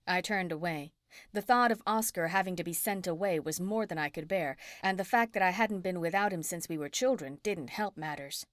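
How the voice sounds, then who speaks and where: Low-voiced woman narrating an audiobook. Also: moderate pace, dry recording, clean studio sound. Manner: first-person, even storytelling.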